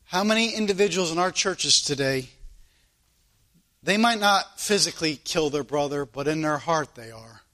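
High-voiced fervent preacher man. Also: lively intonation, moderate pace, pushed and bright. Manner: fervent, repetitive preaching cadence. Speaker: pastor. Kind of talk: sermon and closing prayer.

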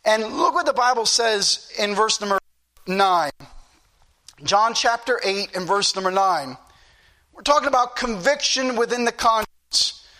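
A man's voice: sits high, a little slow, pushed and bright. A middle-aged man preaching a fervent sermon, repeating phrases for emphasis.

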